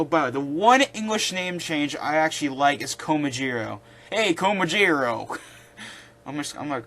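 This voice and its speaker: A man's voice: on the high side, a bit bright. A young man hosting his own video, ranting casually and with exasperation, rambling with restarts. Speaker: video host.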